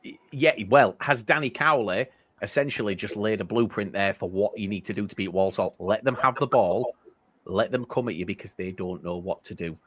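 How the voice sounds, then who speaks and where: Male podcast co-host, casual rambling football chat, lowish voice, dry close recording. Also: normal speed, dry recording. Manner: rambling, restarts often, animated storytelling.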